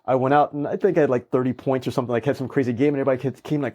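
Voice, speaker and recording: A man's voice: medium pitch, racing. A man, a guest speaker, telling stories in casual conversation and acting out quoted lines with energy. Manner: animated, acts out quoted lines. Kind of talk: conversational storytelling.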